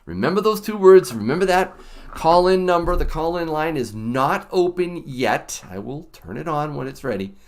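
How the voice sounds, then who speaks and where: A middle-aged man from the United States hosting a casual livestream, chatty and animated, laughing often. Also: on the high side, normal speed. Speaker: livestream host.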